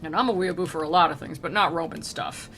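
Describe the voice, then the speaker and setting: A woman's voice: sits low, fast talker, fairly bright tone. Woman streamer, sarcastic, rambling, comedic retelling, faint background noise. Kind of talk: casual comedic retelling of a classic poem.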